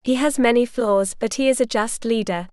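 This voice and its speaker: A woman's voice: a little high, normal speed, a little mellow, no echo, clean studio sound, natural voice. Woman voicing a firm medieval nobleman. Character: stern, devoted medieval nobleman, young man.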